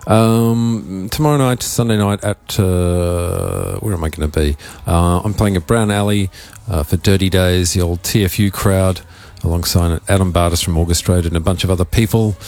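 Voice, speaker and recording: Australian male radio DJ with a croaky, very low voice, loose, joking, filler-heavy chat. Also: steady tone, normal speed, few pauses, darkish tone. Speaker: radio host and DJ. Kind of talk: casual live radio talk. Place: radio studio.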